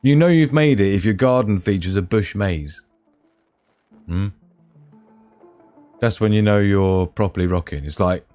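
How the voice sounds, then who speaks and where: This live-stream host has a fairly low, darkish voice. He chats casually through viewer comments, teasing his audience with pet names, cracking jokes, and laughing often.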